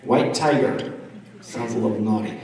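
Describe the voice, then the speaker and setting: A man's voice: fairly low pitch, moderate pace, darkish tone. A man from the East Coast of the United States doing stand-up comedy at a dinner and chatting with the crowd. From East Coast of the United States, around Washington, D.C. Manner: chatty crowd work, often asking the audience questions. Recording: echoey hall, voice from far off.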